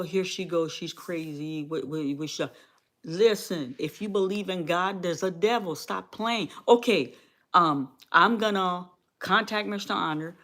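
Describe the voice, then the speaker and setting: A woman's voice: on the low side, sharp tone. A woman hosting her own livestream, speaking in a fiery, repetitive way with lots of exclamations and remarks to her chat. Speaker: livestream host. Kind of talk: heated livestream rant.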